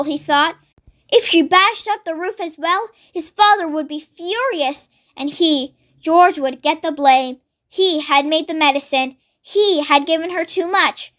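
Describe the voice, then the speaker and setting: A read-along narrator reading a children's story aloud in a steady, expressive way, then signing off to viewers. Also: high voice, measured pace.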